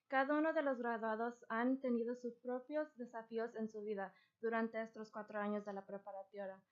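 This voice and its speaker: A teenage girl giving a graduation welcome speech, earnest and steady, reading prepared remarks. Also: a little high. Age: teens. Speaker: graduating student speaker. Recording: dull lo-fi sound.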